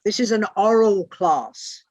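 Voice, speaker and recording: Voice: mid-range voice, lively intonation, slow, highs cut off, a crowd in the background. A teacher leading an online class over a video call, bluntly spelling out terms letter by letter, with the odd swear word.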